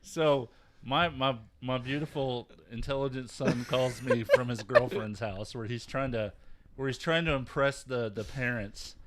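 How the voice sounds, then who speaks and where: A man's voice: medium pitch, measured pace, fairly bright tone, a little hiss or hum. Middle-aged dad, podcast host, jokey storyteller who teases his son. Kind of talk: casual family chat.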